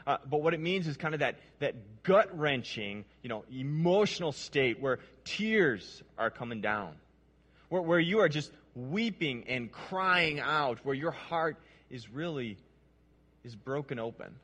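A man's voice: a little high, expressive, a little slow, fairly bright tone. Earnest male preacher in a reverberant hall. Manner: earnest, repeats words, asks the audience questions. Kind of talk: sermon with scripture reading.

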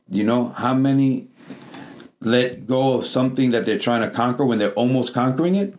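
A man's voice: mid-range voice, moderate pace, a little mellow. A middle-aged man preaches a Pentecostal sermon in a church with a mid-range voice. His English has non-native phrasing, and he keeps calling out to the people in front of him. Faint noise sits behind him. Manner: preaching with calls to the congregation. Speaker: pastor.

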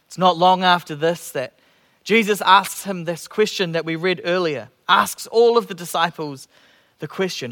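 High-voiced man preaching a gentle sermon. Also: moderate pace.

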